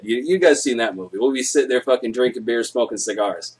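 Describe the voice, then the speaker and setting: Husky-voiced guy rambling thru a sweary story on his live stream. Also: medium pitch, quick pace, few pauses. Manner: rambling, profane, jokey storytelling.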